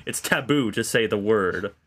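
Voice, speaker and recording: A man's voice: on the low side, normal speed, fairly bright tone. A man on a film podcast, chatting casually in a jokey, teasing way. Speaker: podcast panelist. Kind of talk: casual film-review chat.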